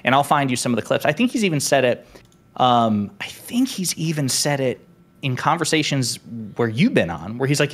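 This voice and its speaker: A man's voice: mid-range voice, big pitch swings, moderate pace. A man talking as a commentator guest in casual debate chat. He is emphatic and builds his case point by point.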